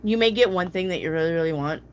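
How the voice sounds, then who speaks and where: Fast-talking over a noisy background, a woman runs casual live tarot readings, giving viewers blunt answers, swearing freely and impersonating people in a high voice.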